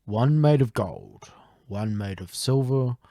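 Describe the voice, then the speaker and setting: A man's voice: medium pitch, lively intonation, warm tone, no echo, clean studio sound. A man reading as an earnest young hero. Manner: measured, expository delivery.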